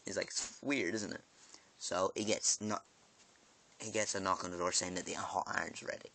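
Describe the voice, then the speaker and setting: A male vlogger recaps a TV episode in loose, rambling fashion, swearing freely and tossing in asides. His voice sits fairly low but sounds bright and forceful. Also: level tone, gravelly. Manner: profane, quick restarts and asides.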